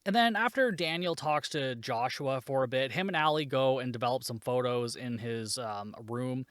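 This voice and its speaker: Snarky guy rambling thru a movie recap, mid-pitch voice, dry close sound. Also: normal speed, a bit bright, clear, resonant tone, no room sound. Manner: sarcastic, swears freely, laughs at the plot. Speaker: podcast host reviewing a movie. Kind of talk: casual solo recap.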